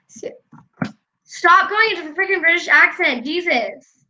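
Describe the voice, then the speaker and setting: Young woman chatting and giggling while she plays, talks kinda slow. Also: very high voice, expressive, bright, forceful tone, highs cut off. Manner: giggly, chatty, often laughing. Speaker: gameplay vlogger. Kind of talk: casual gameplay commentary.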